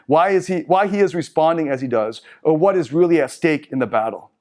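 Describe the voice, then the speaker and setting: A man's voice: on the high side, expressive, fairly quick, darkish tone. A man teaching a seminar, reading passages aloud and then riffing on them casually with asides. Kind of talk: lecturing from slides to a group. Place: meeting room.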